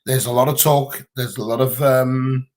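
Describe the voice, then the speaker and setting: A man's voice: medium pitch, flat delivery, moderate pace, darkish tone. A man with a Gibraltarian accent, chatting bluntly and casually on a livestream Q&A from home, swearing freely. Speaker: livestream co-host.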